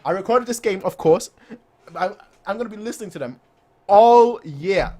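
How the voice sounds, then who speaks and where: A young man hosting a fan channel, chatting excitedly after a match, boastful and repeating himself for effect. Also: high voice, quick pace, a little hiss or hum. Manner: animated, boastful, repeats phrases, acts out players' voices.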